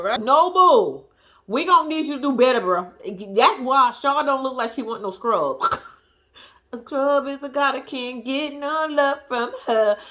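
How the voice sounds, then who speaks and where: A woman's voice: high voice, bright, forceful tone. A woman vlogger giving casual, slangy commentary on a reality show, laughing often and talking animatedly. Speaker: reaction vlogger.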